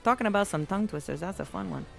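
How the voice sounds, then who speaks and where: A woman's voice: mid-range voice, lively intonation, very fast, creaky, a bit bright, faint music behind. A woman streaming a game, rambling playfully and chatting with her viewers. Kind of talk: live game stream chat.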